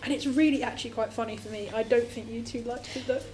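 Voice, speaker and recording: A woman's voice: on the high side, fairly even intonation, fast talker, darkish tone, rough recording. A woman on a casual anime review show, recounting scenes and acting out the characters' lines. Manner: acts out character lines while retelling.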